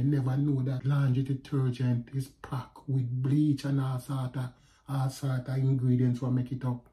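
A man with a Jamaican accent, telling a personal story to his viewers in a lively vlog, often calling out to them. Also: mid-range voice, normal speed. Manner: animated, addresses viewers as guys. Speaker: vlogger. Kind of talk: casual storytelling to camera.

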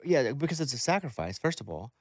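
A man in his forties hosting a podcast, chatting casually with quick joking asides. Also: medium pitch, big pitch swings, husky, dry recording, studio quality. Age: 40s. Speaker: podcast host. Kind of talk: casual interview chat.

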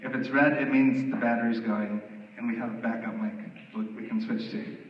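A man's voice: medium pitch, fairly even intonation, normal speed, slight background noise. A man leading a campus ministry meeting, giving practical instructions, often repeating himself. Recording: roomy hall, distant mic, dull sound.

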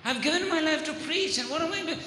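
A man's voice: very high voice, fast talker, sharp tone, slight background noise. A man preaching a sermon, teaching earnestly and often repeating and restarting words. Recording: echoey hall reverb.

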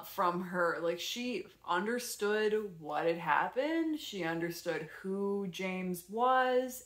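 A woman vlogger casually retelling her day at home, rambling and animated with lots of fillers. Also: lowish voice. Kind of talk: casual storytelling vlog. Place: her apartment. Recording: echoey room.

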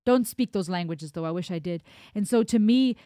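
A woman's voice: fairly low pitch, normal speed, warm tone, no room sound, clean studio sound. Reflective American-accented woman reacting to music. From Germany. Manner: reflective, explaining at length. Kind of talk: reaction commentary.

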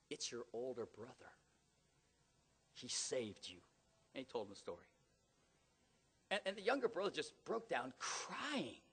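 A middle-aged man preaching a sermon in a church, telling stories dramatically and rising to loud emphatic peaks. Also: sits high. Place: church hall. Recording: long hall reverb.

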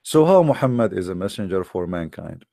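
A man's voice: deep voice, sing-song, fairly quick, gravelly, dark tone, dry recording, clean studio sound. Mocking, emphatic man arguing. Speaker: debate host. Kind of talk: argumentative religious debate talk.

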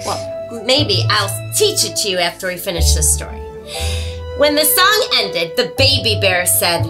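A woman hosting a children's storytime, reading a picture book aloud and explaining words along the way. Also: medium pitch. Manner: slow, lively and expressive, explains words. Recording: music playing behind.

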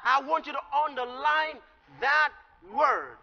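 A man preaching a sermon, explaining scripture with emphatic delivery that rises to shouts. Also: very high voice, slow. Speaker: pastor. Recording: lo-fi recording with long hall reverb.

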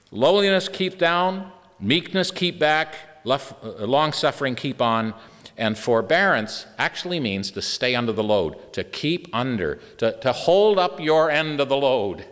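A man preaching a sermon, emphatic and lively, with sharp rises and drops in his voice. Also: medium pitch, big-room sound.

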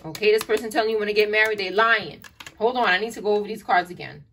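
A tarot reader gives an online reading in a blunt, profane, exasperated style, frequently calling the listener "child." Her mid-range voice is fast and a bit bright, captured on a distant mic with faint noise and clicks.

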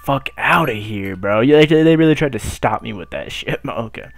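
A man's voice: mid-range voice, expressive, normal speed, creaky. Young male gamer on a desk mic, hyped and cussing at the screen. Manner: loud, hyped, swears constantly, talks to the game. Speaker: gaming YouTuber. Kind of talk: profane gameplay commentary.

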